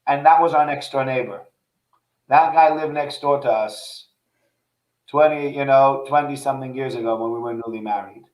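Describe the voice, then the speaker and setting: A man's voice: mid-range voice, normal speed, darkish tone. Earnest storytelling man, echoey room. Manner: earnest, repetitive restarts, heartfelt storytelling. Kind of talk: casual conversation, personal storytelling.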